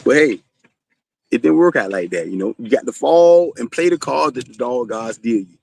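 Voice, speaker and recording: A man's voice: mid-range voice, animated, moderate pace, gravelly, a little mellow. A man from Florida, hosting his own stream in a rambling, cussing monologue full of "you know"s. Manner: rambling, swears often, many "you know"s. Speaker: streaming show host. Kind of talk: casual monologue.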